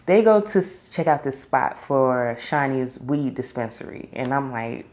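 Low-voiced lady chatting about reality tv, gossipy and blunt, laughs a lot. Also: expressive, measured pace, darkish tone. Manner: opinionated, gossipy, laughs often. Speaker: reality TV reviewer. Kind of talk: casual chat.

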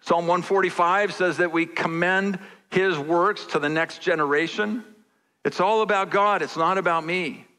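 A man's voice: high-pitched, steady tone, moderate pace, sharp tone. A man preaching a sermon as pastor, conversational and repeating phrases for emphasis. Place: large church sanctuary. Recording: church hall reverb.

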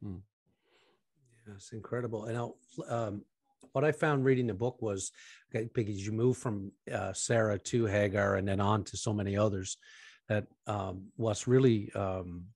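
A man from Canada hosting a podcast interview, asking long, halting questions that trail off quietly. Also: fairly low pitch, fairly even intonation, husky, no room sound, studio quality. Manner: halting, many fillers and restarts, trails off quietly. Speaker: podcast host.

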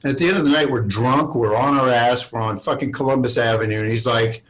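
A man's voice: medium pitch, quick pace, hardly any pauses, fairly bright tone, rough recording. A man in his sixties, an actor guest, telling showbiz stories with plenty of swearing on a video call. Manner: swears freely, acts out other people's lines in raised voices. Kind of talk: casual storytelling interview.

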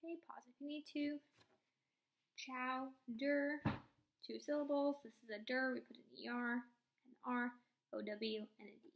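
A woman teacher giving a recorded phonics lesson, dictating spelling words slowly and clearly and repeating each one. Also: high voice, fairly even intonation.

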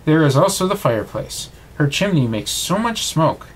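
A man reading aloud, voicing an excitable, showy male candelabra in a bedtime storybook. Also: a little high, moderate pace, husky, voice pushed up. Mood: eager.

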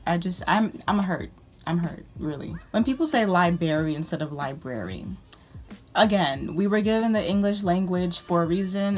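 A woman's voice: on the low side, a little mellow. A woman vlogger ranting about her pet peeves in a sarcastic, exasperated way. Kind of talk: ranting casual monologue.

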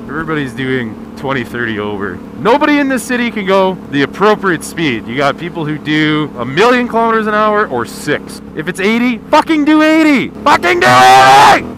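A man doing casual, profane, jokey commentary while riding a motorcycle through city streets, recorded on a helmet headset mic. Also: fairly high pitch. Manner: profane, jokey ranting at traffic. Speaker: motovlogger. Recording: loud road and wind noise.

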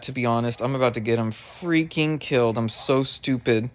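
A man giving excitable let's play commentary, stammering over his words and swearing often, with faint game music behind him. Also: medium pitch, a little fast, few pauses. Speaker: gaming video creator.

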